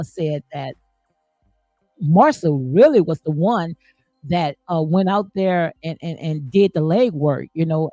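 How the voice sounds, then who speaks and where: A woman's voice: low voice, mellow, dry recording. A woman hosting a live stream, reading viewer comments and answering in an emphatic, preachy way, full of folksy sayings and "honey.".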